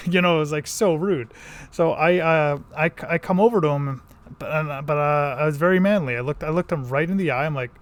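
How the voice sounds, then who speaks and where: A man's voice: a little high, fairly quick. A man from the Connecticut countryside telling a long story in a casual vlog, rambling with many restarts and fillers. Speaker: vlogger.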